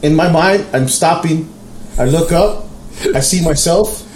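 A man telling a story in a casual podcast chat, animated and profane, acting out the quotes. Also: a little high, a little slow, reverberant, a little hiss or hum. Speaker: podcast co-host.

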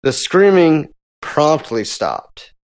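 A man's voice: fairly high pitch, huge pitch swings, very slow, clean tone. Chatty man retelling a creepy story. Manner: laughs often, rambling with many "so" fillers. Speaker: podcast co-host. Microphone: studio microphone.

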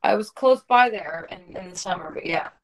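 A woman's voice: lowish voice, lively intonation, normal speed, low-quality recording. A woman with a New York accent, a wrestler appearing as a guest, chatting in an easygoing way with casual slang and frequent laughter. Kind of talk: casual interview chat.

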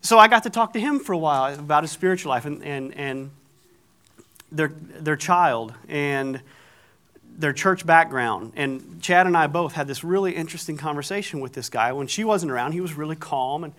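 Man, middle-aged preacher, animated storyteller, bright tone, slightly high pitch. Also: moderate pace. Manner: animated, acts out the people in his story. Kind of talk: storytelling sermon.

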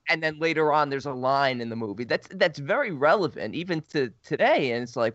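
A man's voice: a little high, lively intonation, fairly bright tone, no room sound. A man co-hosting a casual movie podcast, enthusiastically recounting scenes and quoting lines. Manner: enthusiastic, quick to quote lines. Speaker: podcast co-host. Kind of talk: casual movie discussion chat. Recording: dry, dull lo-fi recording.

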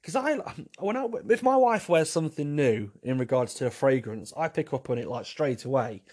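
A man hosts a solo podcast and chats loosely through listener questions. He talks at a middling pitch, wanders off track and trips over his own words. Now and then he makes a wry joke at his own expense. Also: animated, normal speed, darkish tone. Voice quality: rambling, repeats himself, wry self-mocking humour. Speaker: podcast host. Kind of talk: casual solo chat answering listener questions.

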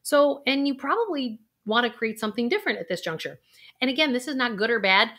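A woman's voice: fairly high pitch, lively intonation, fast, a bit bright. A woman coaching listeners through a financial exercise, speaking in an earnest, direct way. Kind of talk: coaching talk.

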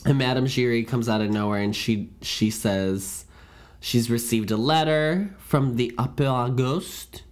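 A man co-hosting a podcast, chatting casually about a film in an animated, jokey way. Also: measured pace. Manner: animated, jokey, with sudden pitch jumps. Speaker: podcast co-host. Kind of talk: casual film-review chat.

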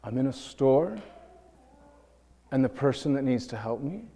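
A preacher from New York giving a lively sermon, acting out quoted voices and repeating words as he builds his points. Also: mid-range voice, a little slow. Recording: long reverb of a large hall.

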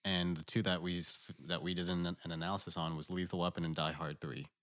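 A man co-hosting a casual podcast, chatting with dry, deadpan jokes. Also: deep voice, quick pace. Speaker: podcast co-host. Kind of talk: casual chat.

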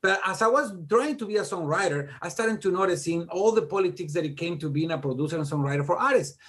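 A middle-aged man talking as a guest in a casual interview, animated and self-deprecating as he tells stories. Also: high-pitched, fast talker. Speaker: guest music producer.

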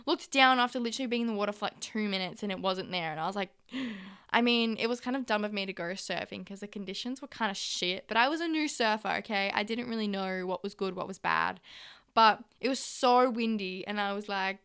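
Here a medium-pitched, fairly bright voice with a clear, resonant tone belongs to a young Australian woman in her twenties. Talking fairly quickly, she runs a casual solo podcast monologue, candid and sweary, performing her own reactions.

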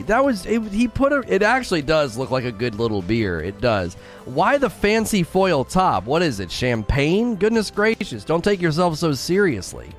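A man streaming a game and chatting casually with his viewers, giggly and rambling, laughing often at his own jokes. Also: medium pitch. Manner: rambling, with many fillers and restarts. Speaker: game streamer talking to chat. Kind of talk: casual live-stream chat.

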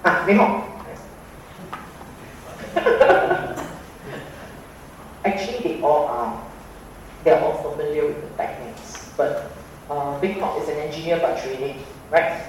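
Slow-talking man teaching meditation in a roomy hall. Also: a little high, big pitch swings, recorded from a distance, a little hiss or hum. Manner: unhurried, emphatic, playful asides. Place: hall with an audience.

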